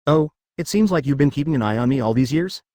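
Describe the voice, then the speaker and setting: A synthetic male reader voicing a cold, cocky male ninja who hides his identity, read in an even manner. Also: mid-range voice, fast talker, no room sound, studio quality, natural voice.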